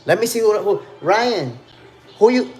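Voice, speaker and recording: Animated man in his fifties, slangy chat. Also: high voice, unhurried. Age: 50s. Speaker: boxing podcast host. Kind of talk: casual live-stream chat.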